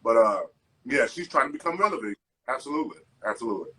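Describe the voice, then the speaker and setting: A man's voice: medium pitch, expressive, fast talker, bright, forceful tone, husky. A man co-hosting a casual podcast, ranting with lots of swearing and mocking impressions of other people's speech. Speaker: podcast co-host. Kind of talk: casual chat.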